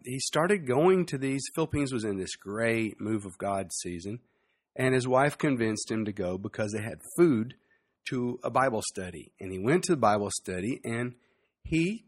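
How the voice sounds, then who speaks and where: A man giving a sermon, telling stories in a relaxed conversational way with frequent asides to the listeners. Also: medium pitch, slightly rough. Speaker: preacher.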